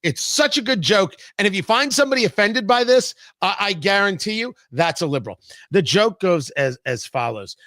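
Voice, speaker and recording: A man's voice: sits high, animated, moderate pace, a bit bright, dry recording. A male talk show host giving a rambling, sarcastic political commentary monologue, full of restarts and tangents. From United States.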